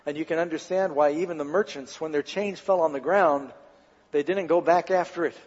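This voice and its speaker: A man preaching a sermon with a high, husky voice, and he tells the story with dramatic flair and asks the congregation rhetorical questions. The recording is dull and lo-fi, with a long reverb trailing each phrase. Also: fairly quick. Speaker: pastor.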